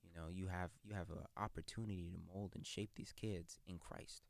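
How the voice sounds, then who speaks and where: A man's voice: deep voice, fairly even intonation, a little fast, creaky, no echo, studio quality. A man hosting a casual conversation, talking loosely with fillers about ministry. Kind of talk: casual chat.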